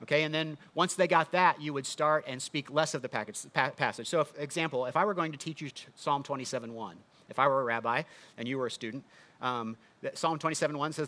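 A man's voice: fairly high pitch, quick pace, bright, forceful tone. A man preaching a sermon in a conversational teaching manner, often asking the listeners rhetorical questions. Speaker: pastor.

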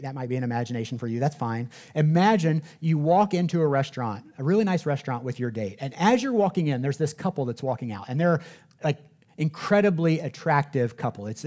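A man's voice: medium pitch, darkish tone. A man preaching a sermon in a church sanctuary, telling stories and asking rhetorical questions in a conversational way. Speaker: pastor.

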